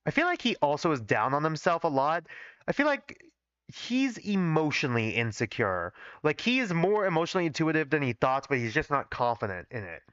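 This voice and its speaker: Guy reading his old fanfic on stream, pitch jumping all over, roasts himself, dull dry mic. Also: sing-song, fairly quick, few pauses, a bit bright, clear, resonant tone, no room sound. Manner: self-critical, swears casually, reads every part himself. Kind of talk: live-stream reading with commentary.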